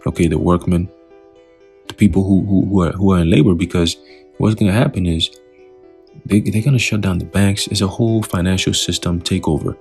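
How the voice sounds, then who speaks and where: Low, gravelly man preaching casually. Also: steady tone, brisk, darkish tone, faint music behind. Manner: loose, talkative, asks the listener questions. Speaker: preacher teaching scripture. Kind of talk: informal scripture teaching.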